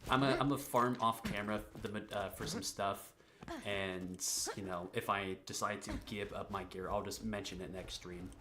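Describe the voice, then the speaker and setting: A man's voice: lowish voice, fairly even intonation, normal speed, noisy background. A young man in casual livestream commentary, rambling and self-deprecating, with a sarcastic streak. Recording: game music behind the voice.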